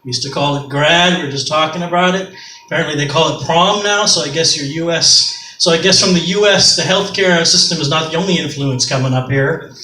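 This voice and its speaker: A man's voice: a little high, fairly quick, sharp tone. A middle-aged man from Canada doing a rambling, profane, self-mocking stand-up comedy set on a club stage. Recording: echoey club, mic far off, faint noise.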